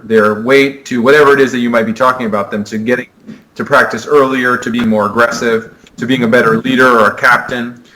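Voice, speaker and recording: Man, bright voice, earnest explainer, frequent restarts, podcast guest. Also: mid-range voice, rough recording. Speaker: sport psychologist guest. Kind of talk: conversational explanation. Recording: remote podcast interview.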